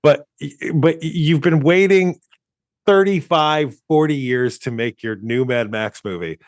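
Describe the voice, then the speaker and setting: A man's voice: fairly high pitch, a little slow, dry recording, clean studio sound. A man co-hosting a movie podcast in casual chat, rambling with many restarts and chuckles. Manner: rambling, restarts often, chuckles while talking. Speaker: podcast co-host.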